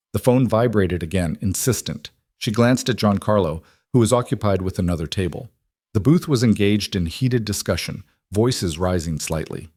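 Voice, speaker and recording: A man reading a story aloud in a measured, even way. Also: lowish voice, no room sound, clean studio sound. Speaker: narrator. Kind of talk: scripted story narration.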